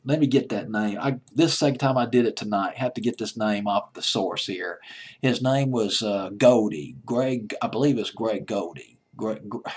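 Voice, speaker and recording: A man's voice: on the low side, moderate pace, breathy edge. A man hosting a countdown of old playlist songs, chatting in a rambling way and correcting himself as he goes. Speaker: music countdown host. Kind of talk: casual spoken countdown commentary.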